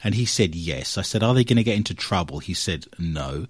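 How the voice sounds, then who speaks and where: A man hosting a radio show, recounting a paranormal investigation as an animated storyteller who works through his notes. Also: lowish voice, fast, husky, dry recording. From England.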